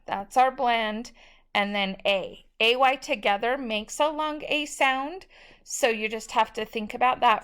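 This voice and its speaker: A woman's voice: a little high, a little slow, fairly bright tone, clear, resonant tone. A woman teacher giving a recorded spelling lesson, patiently sounding out each word syllable by syllable.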